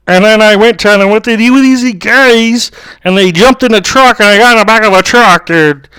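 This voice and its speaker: Young dude with a high smooth voice telling a rambling story, dry close sound. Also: male voice, a little fast, pushed and bright, no echo. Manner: rambling, says "dude" a lot. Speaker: co-host. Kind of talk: comedic storytelling.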